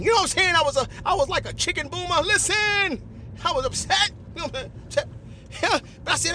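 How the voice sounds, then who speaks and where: A man hosting a podcast, telling comic stories in an animated, repetitive way. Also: very high voice, fast talker, slight background noise. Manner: animated, repetitive, lots of "listen" and "you know what I'm saying". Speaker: podcast host. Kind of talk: comedic storytelling monologue.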